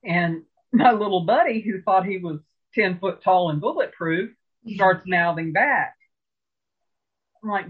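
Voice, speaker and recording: A high, husky male voice takes its time recounting stories during a relaxed interview. He wanders as he talks, leaning on fillers and often restarting, and the sound is thin and phone-like.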